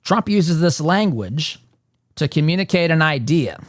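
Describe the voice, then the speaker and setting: A man's voice: on the high side, animated, unhurried, dry recording, studio quality. A man hosting a political talk show, delivering an emphatic monologue and often repeating words as he builds a point.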